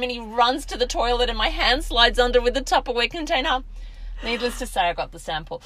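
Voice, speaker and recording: A woman's voice: a little high, expressive, a little fast, a bit bright, poor audio. A middle-aged woman, co-hosting a podcast and telling a story in casual chat, laughing and acting out quotes. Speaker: podcast co-host.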